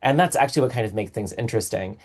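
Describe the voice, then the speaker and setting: A man's voice: on the low side, racing, darkish tone. A man on a podcast, explaining things in a casual, lecturing way with many fillers. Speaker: podcast co-host.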